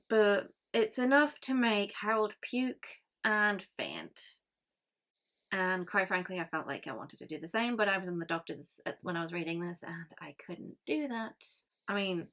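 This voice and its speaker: A woman's voice: on the low side, creaky, a bit bright. A woman gives a casual spoken book review, chatty and rambling with many ums and frank grumbles.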